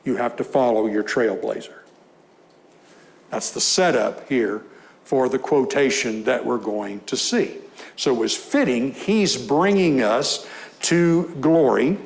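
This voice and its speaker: A man's voice: mid-range voice, creaky, rough recording. A man preaching a conversational sermon in church, rising to emphatic scripture reading.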